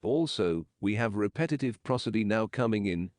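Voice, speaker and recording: A man with a lowish voice reads an English lesson at a slow, measured pace. He explains each point plainly. The sound is dry and close to the mic. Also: expressive, a little mellow, no room sound. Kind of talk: slow paraphrased lesson narration.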